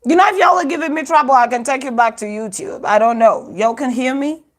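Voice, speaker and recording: A woman's voice: high voice, brisk. A woman from Uganda hosting a casual live stream from her phone, chatting to viewers and laughing often. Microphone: phone microphone.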